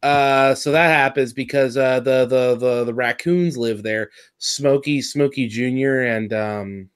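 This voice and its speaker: A man from California with a Californian accent, co-hosting a casual review chat, rambling and excitable with lots of fillers and restarts. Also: medium pitch, a little slow, clear, resonant tone. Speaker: podcast co-host reviewing a cartoon episode.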